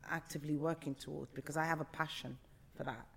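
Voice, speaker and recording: A woman's voice: deep voice, steady tone, fast, gravelly, a bit bright, slightly rough. A middle-aged woman who is a guest in an interview, talking passionately and emphatically and repeating phrases for emphasis. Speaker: actor guest. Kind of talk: casual interview chat.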